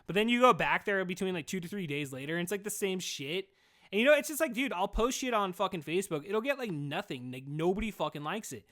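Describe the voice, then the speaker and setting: A man's voice: sits high, animated, fast, a bit bright. Rambling, foul-mouthed male podcaster. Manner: rambling, swears constantly, says "dude" a lot. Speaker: podcast host. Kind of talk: casual solo podcast monologue.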